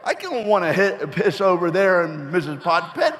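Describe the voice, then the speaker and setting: A man's voice: high-pitched, very animated, moderate pace, a bit bright, in a large hall. A man voicing a stubborn little python boy who pleads and whines his case. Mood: pleading.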